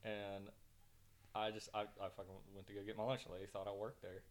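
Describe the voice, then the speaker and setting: Podcast co-host, male, low pitch, profane rambling storyteller. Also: level tone, a little fast, slight background noise. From northern United States. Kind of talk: casual chat.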